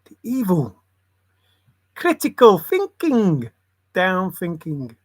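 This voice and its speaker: Guy rambling slow on his stream, random word associations, hums bits of songs, dry close sound. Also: high voice, wildly swooping pitch, no room sound. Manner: muttering, free-associating, breaks into snatches of song. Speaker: livestream host.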